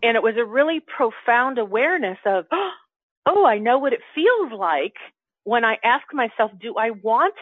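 A woman shares a personal story in relaxed spiritual conversation, slipping into her own remembered inner dialogue as she goes. Her voice sits fairly high and comes through a thin, phone-like line. The sound is close and dry. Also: a little slow, husky, dry recording. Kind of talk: casual spiritual chat.

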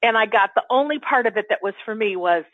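A woman telling a personal story in casual spiritual chat, acting out her inner dialogue with animated quoted voices. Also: medium pitch, fast talker, no room sound. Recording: dry, tinny phone-like line.

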